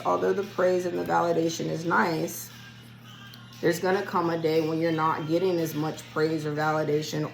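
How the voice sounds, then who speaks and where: In a casual solo vlog with poor audio, a deep-voiced woman offers a spiritual reading, chatting and rambling directly to the people watching.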